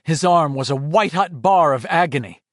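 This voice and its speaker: A man's voice: fairly high pitch, moderate pace, no room sound, clean studio sound. A man reading a horror audiobook aloud in dramatic scripted narration. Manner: dramatic, shifting delivery.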